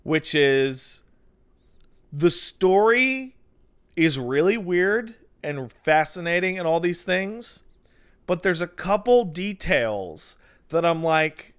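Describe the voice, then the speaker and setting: A man's voice: on the high side, slow pace, clear, resonant tone. A young man co-hosting a casual gaming podcast, telling stories with mock-exasperated asides and plenty of swearing. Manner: animated storyteller, acts out mock-exasperated quotes, swears freely. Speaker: podcast co-host. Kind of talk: casual podcast chat about video games.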